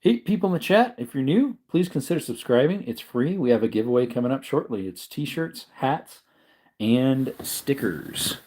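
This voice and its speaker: A tired man hosts a relaxed livestream, talking loosely to viewers at a normal pace. He rambles, pauses and corrects himself, yawning with a low-energy manner.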